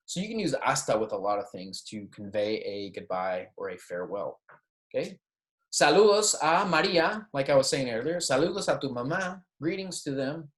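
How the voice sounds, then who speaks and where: A man's voice: medium pitch, very animated, normal speed. Man teaching Spanish greetings in an echoey room. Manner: repeats phrases for students, frequent "okay?" and "right?" checks; light joking asides. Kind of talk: recorded classroom lecture.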